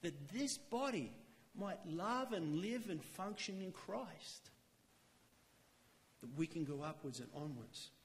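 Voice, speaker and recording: A man's voice: fairly high pitch, animated. Earnest man preaching in a reverberant hall. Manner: earnest, conversational, slows to stress key lines. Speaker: lay church speaker. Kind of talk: sermon. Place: church chapel.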